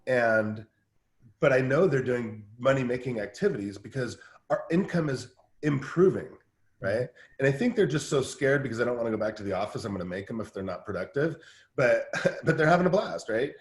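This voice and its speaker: A man talking in a casual interview as a guest coach, telling energetic stories with lots of restarts. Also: medium pitch, roomy sound. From Southern California. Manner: energetic, fast storytelling with many restarts. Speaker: guest team-building coach.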